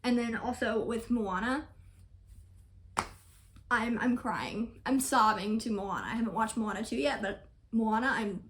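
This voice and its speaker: A woman's voice: a little high, measured pace, long pauses, slight background noise. A young woman vlogging in a chatty, rambling, effusive way as she talks through her plans to camera. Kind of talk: casual chat to camera.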